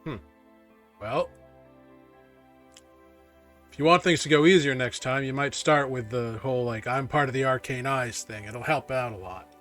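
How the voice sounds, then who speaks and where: A man's voice: mid-range voice, moderate pace, pauses often, a bit bright, faint music behind, close to an everyday voice. Male player voicing a wary, curt barkeep for a tabletop game. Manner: curt, folksy. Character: gruff wary male tavern keeper.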